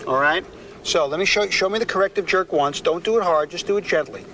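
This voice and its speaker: A man's voice: high voice, fast, pushed and bright. A man working as a dog trainer, giving firm, clipped instructions during a hands-on demonstration. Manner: firm, coaching, short commands. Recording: distant mic with faint outdoor noise.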